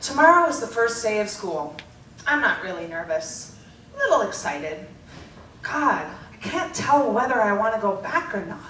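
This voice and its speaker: A woman reading her teenage diary aloud at a live stage show, deadpan and often breaking into laughter. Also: medium pitch, moderate pace, recorded from a distance, slight background noise. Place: theater stage before a laughing audience. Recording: roomy live theater recording with loud audience.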